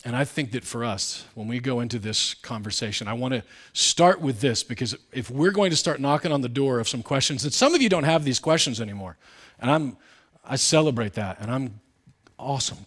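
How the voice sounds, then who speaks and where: A man preaching a sermon in a conversational, candid way, full of asides, who swings between loud emphatic bursts and quiet low asides. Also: expressive, fairly quick. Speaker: pastor.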